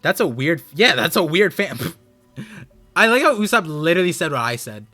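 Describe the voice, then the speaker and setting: Excitable man reacting on a live stream. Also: a little high, soft background music. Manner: excitable, quick reactions and outbursts. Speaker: streamer and host. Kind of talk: live comic reading with reactions.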